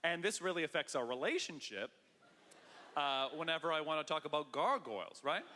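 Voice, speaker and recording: High bright man doing stand-up. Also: a little fast, slight background noise. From Canada. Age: 30s. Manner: loud, excitable, mock-bravado delivery. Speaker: stand-up comedian. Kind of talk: stand-up comedy set. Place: large theater stage. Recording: live stage audio with long hall reverb.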